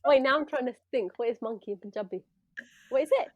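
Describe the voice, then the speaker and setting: A woman's voice: a little high, quick pace, no echo, muffled recording. A middle-aged woman from England co-hosting a casual podcast chat, laughing often and acting out what people say. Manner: chatty, laughs often, acts out quotes. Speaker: podcast co-host.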